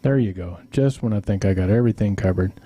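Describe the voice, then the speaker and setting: Dark husky-voiced man telling rambling stories. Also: lowish voice, quick pace, no echo. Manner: rambling, chuckling, teasing viewers. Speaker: live stream host. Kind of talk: casual storytelling to chat.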